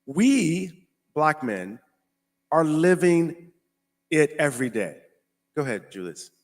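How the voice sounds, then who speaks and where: A man's voice: fairly high pitch, sing-song. Emphatic American man hosting commentary. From United States. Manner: emphatic, repetitive, slows down to stress points. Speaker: host. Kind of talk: casual commentary show.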